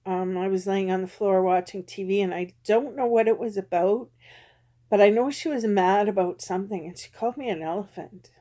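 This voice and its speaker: A woman in her fifties talks openly to her camera in a personal vlog. Her voice is mellow and warm, and her speech is halting, full of pauses and ums. She sounds emotional, close to tears at times. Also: medium pitch. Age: 50s. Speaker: vlogger.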